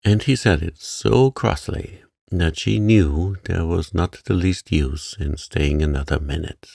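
A man gently narrating a sleep story for adults in a calm, unhurried reading. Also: low voice, creaky, slightly rough, no echo, studio quality.

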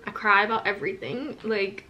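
A woman's voice: mid-range voice, animated, moderate pace, highs cut off. A woman giving a candid, chatty book review to camera, often breaking into laughter. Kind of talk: casual spoken book review.

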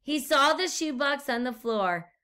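A woman teacher reading a storybook aloud to young children and asking them gentle questions. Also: sits high, lively intonation. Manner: gentle, slow, questions to the listener.

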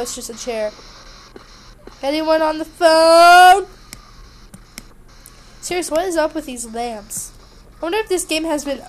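A woman's voice: high voice, slight background noise, poor audio. A young woman playing a horror game and chatting through it, playful, sarcastic and sing-songy. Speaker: gaming YouTuber. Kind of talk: horror game let's play commentary.

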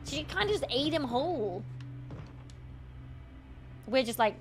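A woman's voice: high voice, lively intonation, slow pace, soft background music. A woman streaming a horror game, chatting to viewers, swearing and screaming at scares. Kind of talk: gaming stream commentary.

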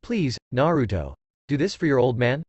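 Fatherly old leader read by a man, firm, lively pitch, dry sound, storybook reading. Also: moderate pace, slightly rough, dry recording, muffled recording. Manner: pleading, firm. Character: elderly male village leader, fatherly.

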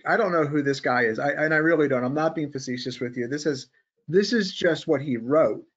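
A man hosting a casual trading podcast, talking in an animated, sarcastic, ranting way. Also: fairly high pitch, a little fast, breathy edge, muffled recording. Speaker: podcast host.

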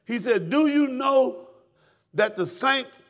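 High, gravelly preacher man. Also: expressive, slow. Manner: fiery, preaching with shouted questions to the congregation. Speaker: pastor. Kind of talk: sermon. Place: church sanctuary.

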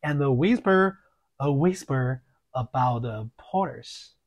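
A man reading an audiobook, voicing a nervous middle-aged husband who talks in halting, mumbled phrases. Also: mid-range voice, expressive. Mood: uneasy. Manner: hesitant, mumbling, with halting pauses.

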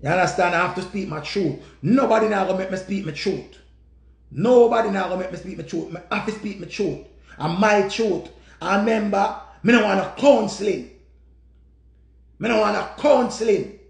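A man's voice: high-pitched, moderate pace, vocal fry. A man with a Jamaican accent, hosting a live stream and ranting emotionally, repeating himself in heated bursts. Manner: heated, repetitive, shouting outbursts. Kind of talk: emotional storytelling rant. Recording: echoey room.

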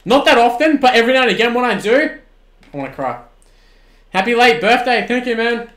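An Australian man in his twenties streaming a football video game, shouting at the plays and then chatting casually with viewers. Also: very high-pitched, fairly quick, echoey room. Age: 20s. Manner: excitable, swings from shouting at the game to relaxed chat. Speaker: gaming streamer. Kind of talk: live-stream commentary and chat replies.

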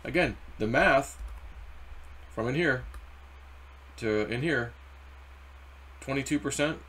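Rambling, animated crypto vlogger man. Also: medium pitch, takes it slowly, breathy edge. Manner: rambling, animated, acts out quotes. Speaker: crypto YouTuber. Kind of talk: casual chart commentary. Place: car or home desk.

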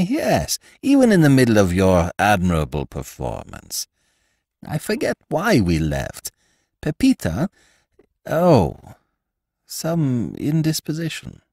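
A dazed, weary old marquesa, as a male narrator puts her on, speaks softly and vaguely. Her pitch drifts widely from high to low, and the sound is dry and close. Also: vocal fry, no echo, heavily acted. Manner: soft, drifting, swoops between high and low. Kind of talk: audiobook character voice.

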